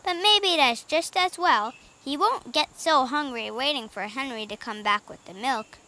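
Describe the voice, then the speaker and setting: A woman voicing a kind, motherly older sister who speaks gently and reassuringly. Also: sits high, unhurried, exaggerated voice. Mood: gentle.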